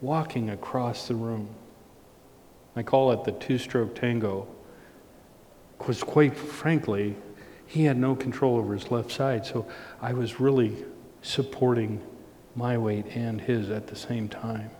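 Guy preaching a sermon, slow earnest storytelling, voice echoing long in a big hall. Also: steady tone, mellow. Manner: earnest, slow storytelling that builds to emphatic points. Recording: long hall reverb, faint low rumble.

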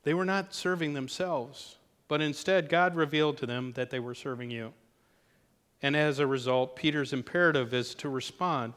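Male pastor, sermon, fairly high voice, easygoing with jokes, church hall reverb. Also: normal speed, a bit bright, smooth. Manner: conversational with joking asides.

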